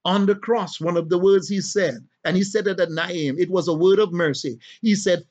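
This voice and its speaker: A man preaching a sermon in a rhythmic style, building to emphatic, drawn-out peaks. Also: sits high, a little mellow, muffled recording.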